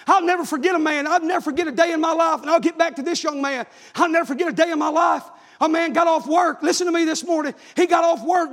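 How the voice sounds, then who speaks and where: Casting: middle-aged preacher, very high voice, shouting revival sermon, big reverberant church hall. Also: male voice. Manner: shouting, fervent storytelling preacher.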